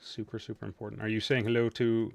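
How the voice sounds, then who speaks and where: A man's voice: on the low side, level tone, fast talker, creaky, crowd noise. A man hosting a casual sober-living livestream while he paints miniatures, chatty and joking, often distracted by chat and family. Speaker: podcast host.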